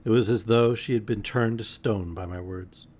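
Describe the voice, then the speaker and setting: Low-voiced man reading a bedtime story. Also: moderate pace. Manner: expressive, wry asides. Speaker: streamer reading a novel aloud.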